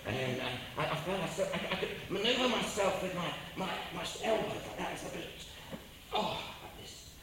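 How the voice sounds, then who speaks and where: A man's voice: a little high, normal speed. A man with an English accent telling a rambling anecdote, acting out voices and repeating himself as he goes. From England. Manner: rambling, animated, with self-repeats and impressions. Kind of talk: anecdotal storytelling. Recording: very echoey room, distant mic, ambient noise.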